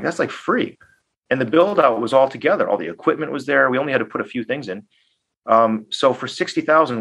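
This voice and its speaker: A man, a guest investor in an interview, telling casual stories and acting out quoted dialogue. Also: mid-range voice. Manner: animated anecdotes, acts out quoted dialogue. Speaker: guest business owner and investor.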